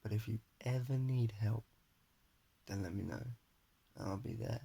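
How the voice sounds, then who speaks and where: Gravelly young man rambling. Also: lowish voice, a little slow, mellow. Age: young adult. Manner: earnest, rambling, self-motivating pep talk. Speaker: vlogger. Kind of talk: rambling personal monologue to camera. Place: his flat at home, indoors. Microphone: phone camera held in front of face.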